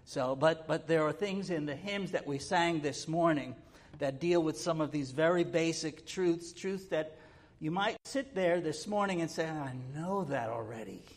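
A man preaching a sermon in a halting, thinking-aloud way, often repeating words as he goes. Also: a little high.

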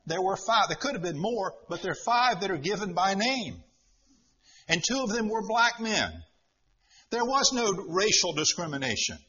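A man teaching through a Bible passage in a sermon, deliberate and emphatic, repeating his key points. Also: high voice, lively intonation, pushed and bright, slightly rough. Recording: dull lo-fi recording.

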